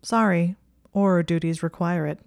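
A woman's voice: on the low side, moderate pace, creaky, dry recording, clean studio sound. A woman voicing a lanky young male wizard who sounds detached and wry. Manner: flat, wry.

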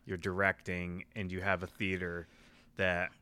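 A man hosting a podcast interview who talks in a thoughtful, measured way and sometimes searches for his words. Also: deep voice, monotone, bright, forceful tone, clear, resonant tone. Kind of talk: casual conversational interview.

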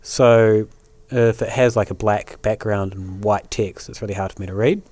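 Relaxed New man chatting. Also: lowish voice, normal speed, no room sound. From New Zealand. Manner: relaxed, rambling with many fillers. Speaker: podcast co-host. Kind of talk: casual chat.

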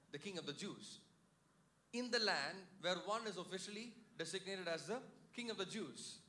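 Man preaching a sermon, fairly high voice. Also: sharp tone, slight background noise. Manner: call-and-response with congregation; paraphrases scripture with many fillers and restarts. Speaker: pastor. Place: church.

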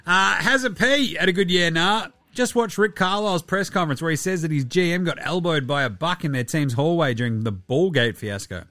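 A man's voice: a little high, fairly quick, few pauses, sharp tone, no echo. Rambling Australian man, dry close sound. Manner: rambling, profane, slangy banter. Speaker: podcast host. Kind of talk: casual basketball podcast chat.

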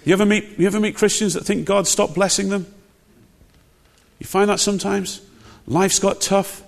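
A man's voice: high voice, normal speed, vocal fry. A man preaching a sermon, emphatic and conversational, with frequent rhetorical questions. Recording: long hall reverb.

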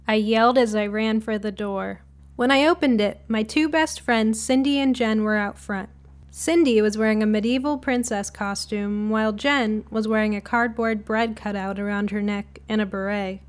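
Calm woman narrating a story. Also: mid-range voice, normal speed, soft background music.

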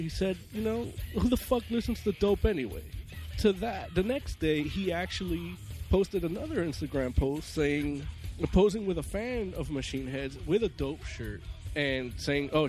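A man's voice: mid-range voice, darkish tone. A man hosting a heavy metal news segment, ranting crudely and mocking with constant swearing. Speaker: podcast segment host. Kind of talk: profane ranting commentary.

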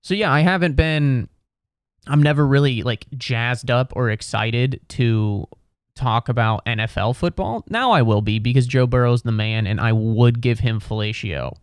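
This podcast host is a young Cincinnati, Ohio native recording his solo show in New York City, where he rambles sardonically and drops into mocking impressions. He speaks at a normal speed in an animated, smooth, mid-range voice, with studio-quality sound and no room noise.

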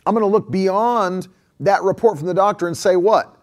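A high-pitched male preacher speaks at a moderate pace, delivering his sermon emphatically. He repeats key phrases and puts rhetorical questions to the congregation.

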